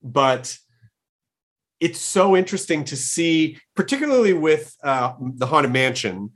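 This man hosts a relaxed interview chat, voice sitting slightly on the high side. He talks eagerly, rambling and restarting sentences as his thoughts run ahead. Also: measured pace. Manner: enthusiastic, rambling, frequent restarts. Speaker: podcast host.

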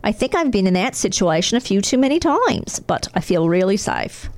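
Woman doing a male Australian surfer, put-on accent, laid-back, drawling, lively pitch. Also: moderate pace, no room sound.

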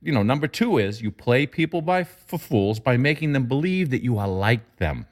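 A man discussing marketing in an emphatic, animated way, his pitch jumping up when he makes a point. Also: normal speed. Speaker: marketing commentator. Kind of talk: conversational discussion.

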